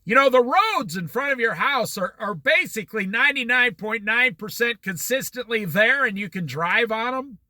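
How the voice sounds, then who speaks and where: A man's voice: very high-pitched, expressive, moderate pace, hardly any pauses, bright, forceful tone, dry recording. A man giving a motivational talk in a folksy way, repeating his points for emphasis. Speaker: speaker.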